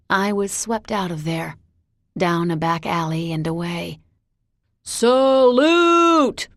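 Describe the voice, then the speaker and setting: A woman narrating a novel in the first person, measured and introspective. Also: on the low side, no room sound, clean studio sound. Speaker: audiobook narrator.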